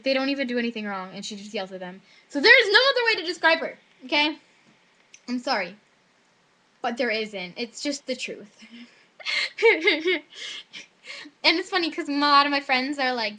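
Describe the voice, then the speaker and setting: This teen high schooler's high, very bright voice carries a loose, rambling webcam vlog about her day, recorded on the webcam mic. "Like" fills her speech, and she performs quick animated voices for whoever she's quoting.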